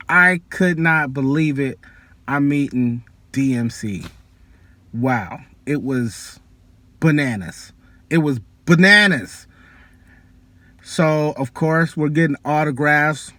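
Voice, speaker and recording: A man telling a personal story in a casual, animated way, full of fillers and excited asides. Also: medium pitch. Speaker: storyteller vlogger.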